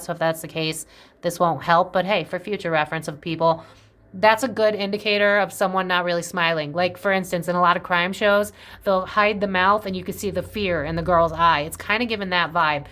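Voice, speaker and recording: A woman's voice: medium pitch, a bit bright. A woman giving a casual psychic tarot reading. She talks in a chatty, profane, speculative way, jumps between tangents and often acts out quoted voices.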